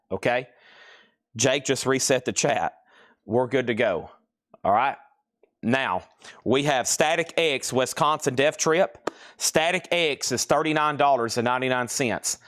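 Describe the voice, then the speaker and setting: A man running a live record sale calls out prices and items already sold, his delivery quick and repetitive like an auctioneer's. He speaks at an ordinary mid pitch, and the sound is close-miked and dry, with no room ambience at all.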